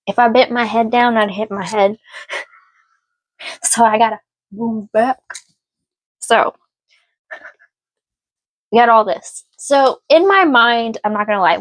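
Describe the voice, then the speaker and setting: A woman's voice: medium pitch, dry recording. Earnest woman giving a tarot reading. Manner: earnest, emotional and reassuring. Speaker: tarot reader. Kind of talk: casual spoken tarot reading.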